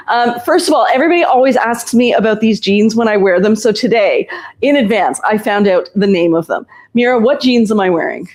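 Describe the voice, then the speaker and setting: A woman's voice: mid-range voice, expressive, a little fast, a little mellow. A woman who runs a shop, hosting a casual live stream and explaining ordering and clothes in a chatty, reassuring way.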